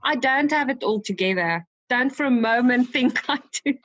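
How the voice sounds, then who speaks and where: Emotional woman, fairly high voice. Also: expressive, moderate pace, no room sound, lo-fi sound. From South Africa. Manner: emotional, warm, with many restarts. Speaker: podcast guest. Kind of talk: emotional podcast conversation.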